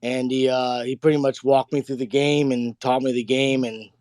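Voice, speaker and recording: A man calling in, speaking in a halting, grateful way. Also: medium pitch, level tone, darkish tone, no echo, clean studio sound. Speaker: caller. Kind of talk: casual chat on an audio chat room.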